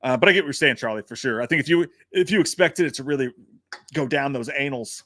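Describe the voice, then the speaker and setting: A man's voice: medium pitch, fast, dry recording, studio quality. A man hosting a casual livestream, talking in a loose, profane way and answering chat comments. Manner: profane, animated storytelling. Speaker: host.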